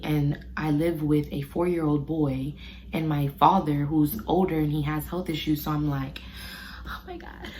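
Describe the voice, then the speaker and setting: Low-voiced chatty young woman. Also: a little hiss or hum, low-quality recording. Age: 20s. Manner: chatty and animated, slangy storytelling while doing makeup. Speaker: beauty vlogger. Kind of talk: casual get-ready-with-me chat. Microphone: phone camera close up.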